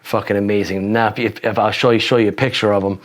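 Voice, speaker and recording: A man's voice: fairly low pitch, steady tone, quick pace. Profane rambling man in his forties. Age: 40s. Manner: rambling, profane, many restarts. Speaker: podcast guest. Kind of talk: casual interview storytelling.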